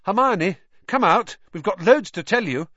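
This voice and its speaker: A man voicing an eager, excitable teenage boy who talks in an urgent, breathless way. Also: medium pitch, normal speed, dry recording, pitched above the performer's own voice. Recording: dull lo-fi dry audio.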